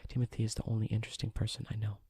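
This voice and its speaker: A man reading a novel aloud as a whispered role-play, in a hushed, even manner. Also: on the low side, racing, slightly rough, no echo. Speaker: audiobook reader.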